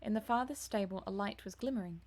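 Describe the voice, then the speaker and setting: A woman's voice: mid-range voice, fast talker, darkish tone. A woman reading a classic novel aloud with enthusiasm, adding self-deprecating asides. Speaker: audiobook reader, streamer.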